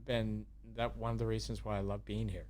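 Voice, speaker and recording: A man's voice: fairly low pitch, level tone, brisk, darkish tone. A man chatting casually as a podcast guest, rambling with many fillers and restarts. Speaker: guest, kayak tour business owner.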